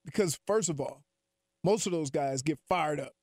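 A man's voice: a little high, moderate pace, dry recording, clean studio sound. A man co-hosting a sports podcast, teasing his partner and breaking down plays. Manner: animated, teasing. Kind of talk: casual sports chat.

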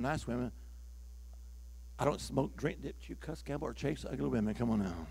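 A man in his sixties, a traveling evangelist preaching a revival sermon, who swings from hushed storytelling to shouted call-and-response and leads the crowd in chants. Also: medium pitch, creaky.

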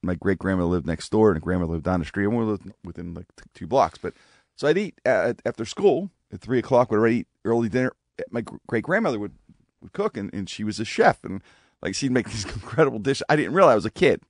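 Animated male storyteller, dry studio. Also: fairly low pitch, fast talker, no echo. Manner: animated, acts out family voices. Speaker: radio show guest. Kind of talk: casual storytelling. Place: radio studio.

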